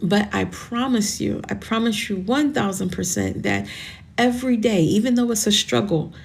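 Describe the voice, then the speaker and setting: A woman's voice: medium pitch, sing-song, moderate pace, creaky. A woman in her forties hosting a motivational podcast, talking to listeners in an earnest, encouraging way and sounding close to tears. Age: 40s. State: tearful, emotional. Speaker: podcast host.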